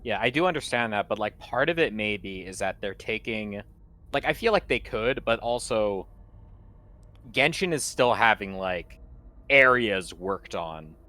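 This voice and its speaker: A man co-hosting a stream thinks aloud, hesitant and full of fillers. His voice is fairly low but bright. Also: expressive, a little slow. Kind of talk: casual stream chat.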